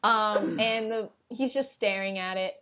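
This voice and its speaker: A woman co-hosting a podcast, recapping a show in casual chat, animated and laughing often. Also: mid-range voice, measured pace, slight background noise. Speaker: podcast co-host.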